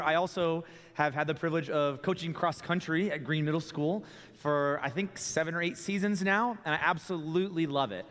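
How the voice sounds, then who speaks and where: Young guy pastor talking sermon, kinda high voice, echoey church hall, chatty and stumbly. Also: a bit bright. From Texas. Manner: conversational, repeats words when starting phrases. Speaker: student ministry pastor. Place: church sanctuary. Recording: long reverb of a church hall.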